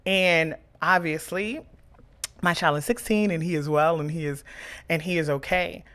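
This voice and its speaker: A woman in her thirties, a podcast host, telling a personal story with emotion and animated quoted dialogue. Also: low-pitched, moderate pace.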